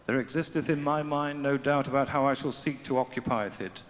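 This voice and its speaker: A man's voice: mid-range voice, a little fast, pitched below the performer's own voice, close to an everyday voice. A man reading out a grumbling brother in mock old-fashioned biblical phrasing. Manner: mock King James phrasing, deadpan. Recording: echoey hall, faint ambience.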